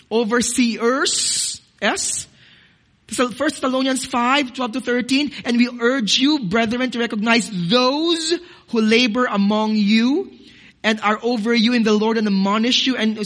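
Speaking in a very high, slightly bright voice, a pastor preaches a sermon to his congregation, whom he calls "dearly beloved". He cites scripture, repeats words and puts stress on key phrases.

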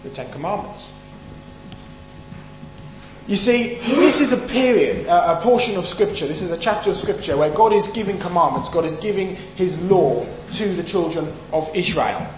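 A man from the UK delivers an emphatic sermon, often throwing questions out to his listeners. His voice sits a little high for a man. The sound is roomy and echoey, with a faint hum underneath. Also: expressive, moderate pace. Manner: emphatic, asks the audience questions. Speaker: preacher.

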